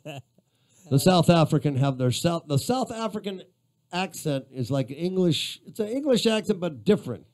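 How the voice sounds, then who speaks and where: A man's voice: a little high, expressive, moderate pace, a little mellow. A man hosting a live radio talk show, chatting loosely with guests and often repeating words. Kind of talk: casual radio chat.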